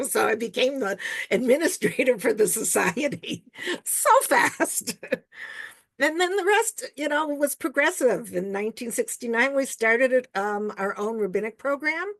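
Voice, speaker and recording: A woman's voice: on the high side, animated, unhurried, a bit bright, no room sound. An older woman from Canada, a rabbi answering audience questions over a video call in a reflective, casual way, chuckling often between remarks. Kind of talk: casual Q&A talk.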